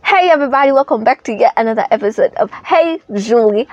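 High-voiced bubbly Kenyan woman host. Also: animated, fast, darkish tone, dry recording, lo-fi sound. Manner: bubbly, laughs often, teasing. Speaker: podcast host. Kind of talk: casual chat, mixing English and Swahili.

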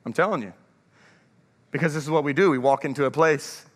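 A male pastor giving an energetic sermon in a large church, drawing the congregation to answer back. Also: a little high, a little fast, long reverb tail. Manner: energetic, calls for congregation response.

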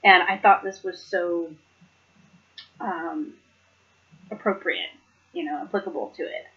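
A woman's voice: lowish voice, a little slow, dull audio. Earnest woman sharing a devotional talk. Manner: earnest, reflective, laughs between points. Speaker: Bible study speaker.

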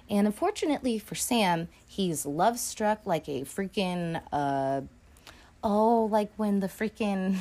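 A woman's voice: fairly low pitch, a little mellow. A woman hosting a casual film podcast, talking in a rambling way with lots of fillers and frequent swearing. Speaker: podcast host. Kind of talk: casual film review chat.

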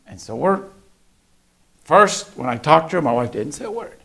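Gravelly preacher telling a family story. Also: male voice, fairly high pitch, lively intonation, moderate pace, pushed and bright. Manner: storytelling, acts out family dialogue. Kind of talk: sermon.

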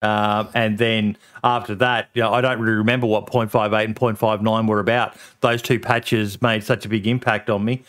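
Low flat smooth-voiced man. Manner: measured, informative, many "um"s. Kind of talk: casual chat.

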